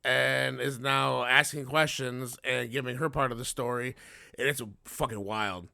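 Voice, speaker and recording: Gravelly, bright-toned man, casual podcast co-host, swears and laughs through loose stories; dry close mic. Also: medium pitch, steady tone, measured pace, no echo. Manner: profane, laughing, rambling storyteller. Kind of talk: casual chat.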